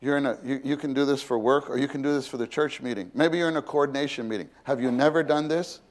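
A man's voice: mid-range voice, quick pace. A man preaching a sermon in a conversational way, asking his listeners questions and acting out quoted voices.

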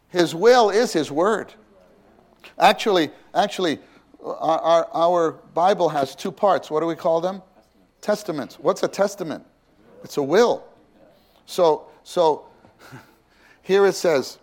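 A man's voice: fairly high pitch, lively intonation, takes it slowly, pauses often. A man preaching a sermon in a conversational way, asking his listeners questions and acting out quoted voices.

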